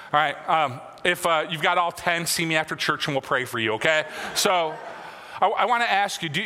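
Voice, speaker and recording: A man in his forties preaching a sermon as pastor in a church, speaking haltingly with many fillers and restarts. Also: on the high side, sharp tone. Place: church sanctuary. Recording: long reverb of a church hall.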